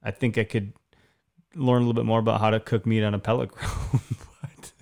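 Gravelly podcast co-host, a man in his thirties who tells stories eagerly and restarts often. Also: lowish voice, quick pace. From Wisconsin. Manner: excited storyteller, many restarts. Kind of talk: casual chat, storytelling.

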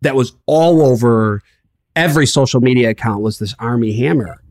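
A man co-hosting a podcast, talking candidly in a halting way that repeats words. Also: medium pitch, a little mellow, dry recording. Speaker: podcast co-host. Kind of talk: casual chat.

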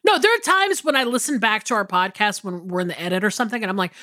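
A woman co-hosting a podcast in a casual chat. She talks in a relaxed, rambling way with many restarts. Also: mid-range voice, fast talker, no room sound, clean studio sound. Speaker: podcast co-host.

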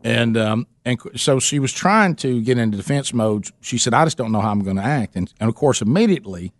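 A man's voice: mid-range voice, animated, fairly quick, no echo, clean studio sound. A man hosting a radio show, telling a story in a playful, teasing way and acting out the quotes. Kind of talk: casual on-air storytelling chat.

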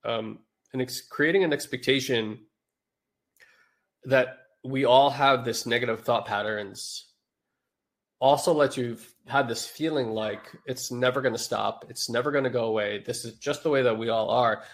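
A man's voice: mid-range voice, normal speed. A man hosting a podcast, talking casually and rambling to a live chat audience, his voice nasal from a cold. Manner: rambling, informal, with frequent fillers. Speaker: podcast host.

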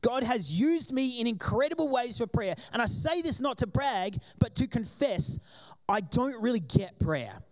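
A high-voiced man from Australia preaches to a church congregation. He tells personal stories in a lively way and plays out the voices of the people in them. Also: moderate pace. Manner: animated storytelling, acting out quoted voices. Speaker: pastor.

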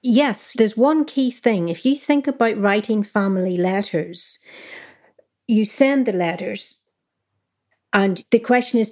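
A woman historian being interviewed, explaining her subject in a clear, measured, conversational way. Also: medium pitch, a little mellow. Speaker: historian guest.

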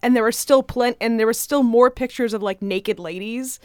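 A woman's voice: a little high, moderate pace, dry recording, studio quality. A woman on a casual podcast making wry observations. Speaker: podcast co-host.

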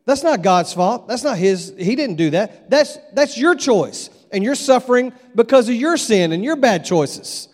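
A man's voice: very high voice, animated, measured pace, hardly any pauses. A middle-aged man preaching a conversational, storytelling sermon at a revival. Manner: folksy, conversational, acts out voices in his stories. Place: church sanctuary. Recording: long echo of a church hall.

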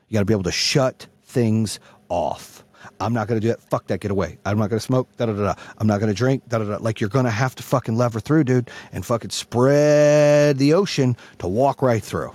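A husky-voiced man hosts his own podcast with a blunt, swearing motivational talk. He jumps from fired-up bursts to low, quiet stretches. The sound is dry and close, with no room around it. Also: dry recording. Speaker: podcast host.

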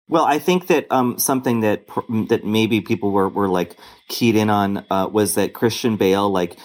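A man's voice: fairly low pitch, moderate pace. A man co-hosting a podcast, thinking aloud hesitantly with lots of fillers. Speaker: podcast co-host. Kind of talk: casual chat.

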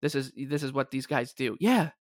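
A man co-hosting a sports podcast, talking in a measured, hesitant way. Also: medium pitch, no echo, studio quality. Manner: measured, hesitant, many fillers and restarts. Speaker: podcast co-host. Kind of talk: casual sports talk.

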